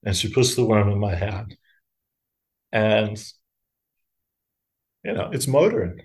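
A middle-aged Buddhist monk teacher tells a personal story during a talk, relaxed and self-mocking, laughing and imitating other people's voices. His pitch is fairly low and his pace slow.

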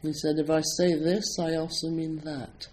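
A Scottish man working as a Zen priest and meditation teacher addresses a live audience, his voice a little high and slightly raised at a moderate pace. Relaxed and self-deprecating, he fills his talk with ums and you-knows. Poor audio captures a faint room hum.

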